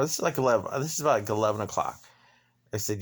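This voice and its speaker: A man's voice: lowish voice, animated, rapid-fire, husky. Indignant profane middle-aged man ranting. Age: 50s. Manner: profane, indignant storytelling that acts out both sides of a dispute. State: limping, needs knee replaced. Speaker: vlogger. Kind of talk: angry personal rant.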